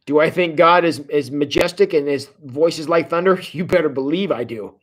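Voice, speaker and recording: A man in his forties teaches a Bible study over a livestream in a relaxed, folksy way. His voice sits a bit high for a man, and he keeps it chatty and unpolished, full of small fillers. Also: moderate pace. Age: 40s. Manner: folksy, conversational, with frequent filler sounds. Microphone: livestream setup.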